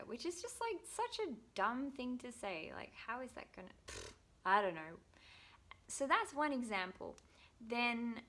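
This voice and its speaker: A woman, chatting casually to camera and telling self-deprecating stories with acted-out quotes. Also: fairly low pitch. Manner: self-deprecating storytelling, lively, acts out quotes. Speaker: vlogger.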